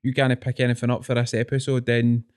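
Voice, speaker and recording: Male podcast host, mid-pitched, dry close sound, short encouraging replies. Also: monotone, fast, smooth, no echo. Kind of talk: casual chat.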